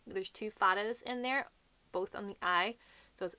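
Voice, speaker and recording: A young woman with a Northern Irish accent in a casual book vlog, chatting and slowly spelling out how names are said. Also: a little high, sharp tone, no room sound. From Northern Ireland. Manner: chatty, explaining slowly and repeating words. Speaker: book vlogger.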